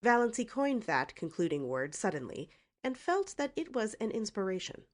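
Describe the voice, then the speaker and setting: A woman reading an audiobook in an expressive narration style. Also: medium pitch, moderate pace. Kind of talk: scripted narration.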